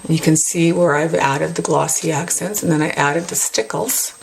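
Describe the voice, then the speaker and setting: A woman hosting a craft tutorial, chatting casually as she shows her work and often adds a quick "right?". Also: sits low, vocal fry, a little hiss or hum. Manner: chatty, tacks on "right?" tag questions. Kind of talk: casual show-and-tell tutorial.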